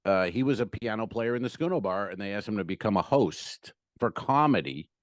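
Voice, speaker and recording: A man, talking in casual podcast banter as a co-host. He tells stories in a lively way and swears freely. The sound is dry and close. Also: fairly low pitch, fairly quick, no room sound. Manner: animated storyteller, swears freely.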